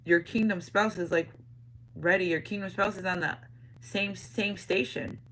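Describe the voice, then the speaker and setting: A woman's voice: mid-range voice, fairly even intonation, unhurried, fairly bright tone, a little hiss or hum, rough recording. A woman giving a casual tarot reading, talking straight to her viewers in slangy, repetitive catchphrases. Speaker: tarot reader.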